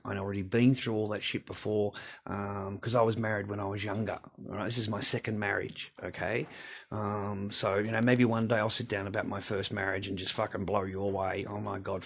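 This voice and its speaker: A man's voice: on the low side, breathy edge. A man talking to camera in his garage, in a blunt, rambling rant full of swearing. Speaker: vlogger. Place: home garage.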